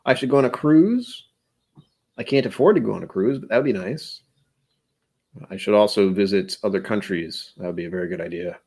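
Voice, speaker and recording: A man with a fairly low voice that swoops up and down with lots of expression. He hosts his own vlog, rambling through casual solo musings and poking fun at himself. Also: animated, fairly quick, a little mellow, slightly rough. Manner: rambling, self-deprecating humor. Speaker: vlog host.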